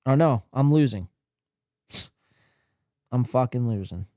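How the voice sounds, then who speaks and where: A man's voice: medium pitch, animated, slow, warm tone, no room sound, studio quality. A man hosting a live stream podcast, ranting casually in a blunt, profane, rambling way.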